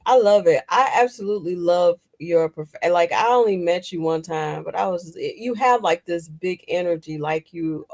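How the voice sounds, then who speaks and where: A woman's voice: lowish voice, moderate pace, hardly any pauses, darkish tone. A woman hosting a podcast, chatting casually and loosely, with frequent laughter. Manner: chatty, rambling, laughs often. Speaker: podcast host. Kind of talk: casual interview chat.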